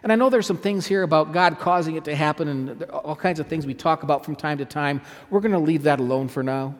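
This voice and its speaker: A man's voice: fairly high pitch, fairly quick. Emphatic male pastor in a reverberant hall. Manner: emphatic, asks the listeners questions, repeats phrases. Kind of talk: sermon.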